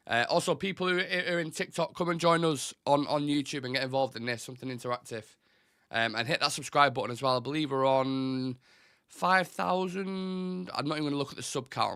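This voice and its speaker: Chatty male host, reads the chat aloud, bright tense tone. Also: mid-range voice, dry recording, studio quality. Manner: chatty, reads out chat comments, restarts and fillers. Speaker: host of a live football fan show. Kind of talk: casual live-stream chat.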